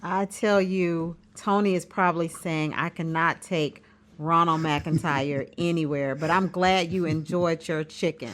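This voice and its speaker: A woman hosting an inspirational radio show, measured and reflective. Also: low voice, steady tone, a bit bright. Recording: music bed under the voice.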